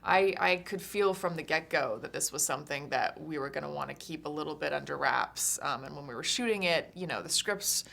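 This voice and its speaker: A chatty woman answers junket questions in a low voice with a gravelly fry. She is friendly and talkative and leans on easy fillers. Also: fairly quick, few pauses, fairly bright tone. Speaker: film actress. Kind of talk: press junket interview.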